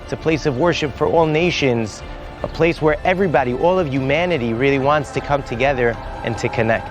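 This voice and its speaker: A man's voice: mid-range voice, a little fast, over music. A man, a rabbi, telling a heartfelt story on location outdoors at a holy site. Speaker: rabbi and guide.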